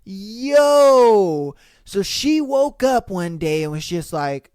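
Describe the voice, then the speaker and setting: A man hosting a casual podcast, reacting to listener posts with profane disbelief and loud bursts of laughter. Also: sits high, sing-song, drawn-out words, clean tone, no room sound, studio quality. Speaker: podcast host.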